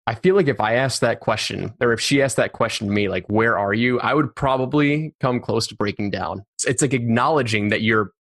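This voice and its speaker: A man's voice: medium pitch, a little fast, hardly any pauses, a bit bright. A man hosting a podcast interview, asking reflective questions and affirming his guest. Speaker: podcast host, entrepreneur.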